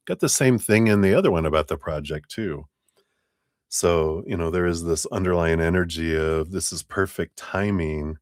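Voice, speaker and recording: A man's voice: low voice, no room sound, clean studio sound. A man giving live tarot readings in a chatty, rambling way, often laughing between thoughts. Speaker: tarot reader.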